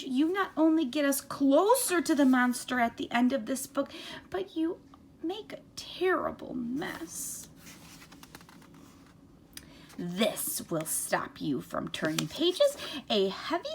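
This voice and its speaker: A high-strung furry monster pleads and frets in a high, swooping storybook voice, as a woman reading aloud puts him on. His voice climbs sharply and jumps about as he pleads. There is a rough, gravelly edge to it. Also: fairly bright tone, a little hiss or hum, exaggerated voice. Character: fretful, excitable furry male monster. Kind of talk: reading a picture book aloud.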